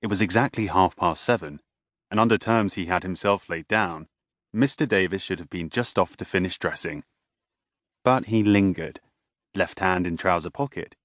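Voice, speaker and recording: A man reading a novel aloud as an audiobook narrator, in a measured, even way. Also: low voice, dry recording, clean studio sound.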